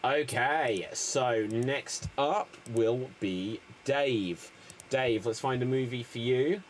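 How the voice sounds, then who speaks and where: A man's voice: mid-range voice, slow, a little hiss or hum. A man hosting a live improv show, calling time and asking the audience for suggestions. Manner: lively, addresses audience.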